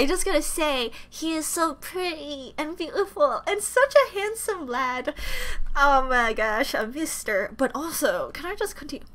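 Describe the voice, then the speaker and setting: A young woman reacting to a video at home, gushing and gasping, then dropping to soft murmurs as she thinks aloud. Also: medium pitch. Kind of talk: casual reaction commentary.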